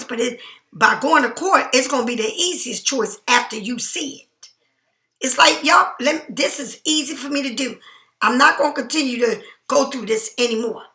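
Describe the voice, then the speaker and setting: A woman's voice: high-pitched, creaky, sharp tone, reverberant. A woman giving a casual tarot reading, emphatic and chatty, often checking in with "right?". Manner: chatty, emphatic, keeps asking "right?" and "all right?". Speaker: tarot card reader.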